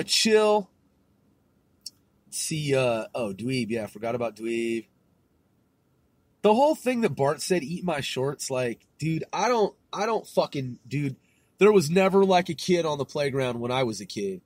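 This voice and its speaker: Recorded with no room sound, a Californian podcast host speaks slowly in a slightly high, fairly bright, very animated voice. He delivers a laid-back, profane monologue full of slang, cursing and laughs.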